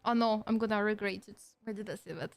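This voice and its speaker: A woman's voice: mid-range voice, fast, vocal fry, dry recording, soft background music. A young French woman streaming with a French accent. She chats casually in a playful, mock-indignant way, laughs often and speaks English as a second language. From France. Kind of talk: casual react-stream chat.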